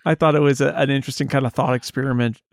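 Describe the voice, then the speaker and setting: A man hosting a casual film discussion podcast, animated, often acting out scenes in quoted voices. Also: medium pitch, racing, dry recording, clean studio sound. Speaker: podcast host.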